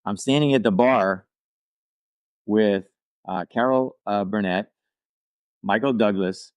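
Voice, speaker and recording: A man's voice: fairly low pitch, slow pace, darkish tone, smooth, dry recording. An older man, a podcast guest and actor-writer, telling a rambling anecdote casually, with asides and restarts. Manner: acts out quoted people in livelier voices.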